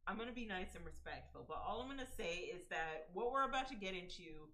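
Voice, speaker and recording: A woman's voice: on the low side, animated, fast talker, bright, forceful tone. A young adult woman streaming, chatting casually through gossip and commentary, with slangy asides and bursts of laughter.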